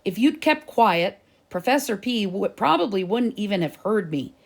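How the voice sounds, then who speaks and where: A woman's voice: medium pitch, expressive, normal speed, vocal fry. A woman reading aloud and voicing a stubborn, argumentative schoolboy in a storybook. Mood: arguing. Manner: indignant, argumentative. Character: boastful scheming schoolboy, stubborn and dramatic.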